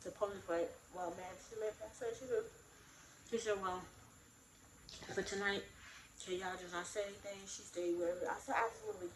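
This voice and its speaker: A blunt woman talks in a casual storytime vlog and acts out every side of an argument. Her voice sits at a middle pitch and she gets animated. The room sounds echoey, with faint noise underneath. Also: moderate pace, long pauses. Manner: animated, blunt, acts out both sides of a quarrel. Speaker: vlogger.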